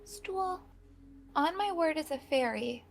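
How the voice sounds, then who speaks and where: A woman voicing a sincere, sweet fairy who speaks softly and earnestly. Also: high voice, big pitch swings, unhurried, a little hiss or hum, voice pushed up.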